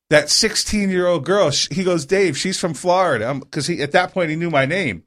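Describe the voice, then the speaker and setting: A host from New York with a New York accent, telling a profane, animated story in casual chat. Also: male voice, high voice, fairly quick, few pauses.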